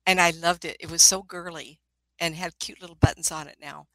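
A woman's voice: on the low side, steady tone, brisk, pushed and bright, no echo, rough recording. An older woman, a spiritualist minister and ghost investigator, telling rambling anecdotes in a casual chat, often laughing and restarting her sentences.

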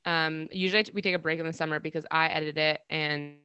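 A woman's voice: sits low, steady tone, fast talker, pushed and bright, smooth. A woman guest chatting casually and self-deprecatingly on an interview podcast, often laughing through her words and restarting sentences.

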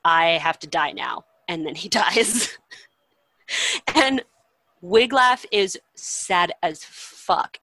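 A woman casually retelling an old poem, animated and full of swearing, acting out the characters' lines as she goes. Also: lowish voice, no room sound, rough recording. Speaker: storyteller.

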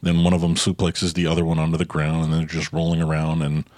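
A man's voice: a bass voice, fast, dry recording. A man co-hosting a casual podcast, talking through a film scene by scene and quoting the characters. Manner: animated, retells scenes with quoted lines. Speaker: podcast co-host.

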